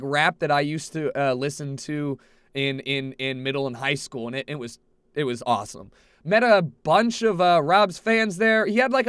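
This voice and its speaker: A young man vlogging a rambling party story, animated, with frequent restarts and swearing. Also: high voice, clear, resonant tone, no room sound, clean studio sound. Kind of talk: casual storytelling. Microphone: headset.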